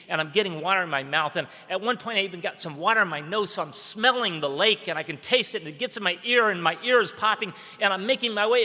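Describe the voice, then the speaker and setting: A man giving a dramatic personal storytelling speech at a training event. He tells it vividly, swinging between urgent, loud passages and hushed, slow ones. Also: high voice. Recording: echoey hall with long reverb.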